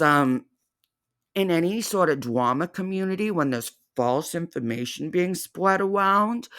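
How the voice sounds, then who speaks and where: Low-voiced woman doing a slow sweary sarcastic rant for her reaction channel. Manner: profane, sarcastic, scornful. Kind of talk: ranting reaction commentary.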